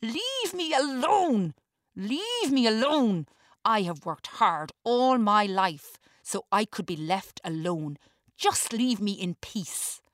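A woman's voice: sits low, a little slow, few pauses, dry recording, studio quality. A woman reading a storybook, voicing a bitter, controlling rich older man who screams and bullies. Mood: screaming. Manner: screaming, bullying.

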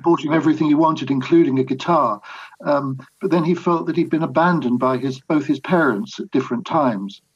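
An older man with a husky, slightly breathy voice answers interview questions at a thoughtful, unhurried pace. He talks in a reflective, anecdotal way and often restarts his sentences. The recording sounds somewhat dull and lo-fi. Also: on the high side. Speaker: biographer guest.

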